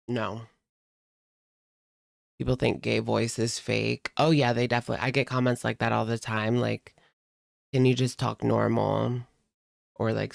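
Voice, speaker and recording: A man's voice: medium pitch, creaky, dry recording, clean studio sound. A man hosting a casual livestream, chatting and reading out viewer comments with lots of "like" fillers. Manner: chatty, frequent "like" fillers, laughs often.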